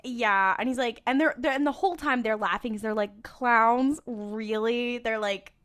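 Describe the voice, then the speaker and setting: A woman's voice: on the high side, fairly quick, fairly bright tone. A woman co-hosting a podcast, retelling a TV episode in a rambling, casual way, full of "like" and "um" and frequent laughter. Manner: rambling storytelling, laughs often, many "like" and "um". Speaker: podcast co-host. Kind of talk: casual recap chat.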